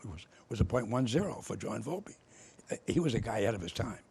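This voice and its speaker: An older man, his voice gravelly and a little husky, recounting political stories from decades ago. He talks in a relaxed, conversational way and jumps into the voices of the people in his tales. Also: lowish voice, quick pace. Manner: animated storyteller acting out both sides of old arguments. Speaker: former state official telling stories. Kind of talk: casual conversation.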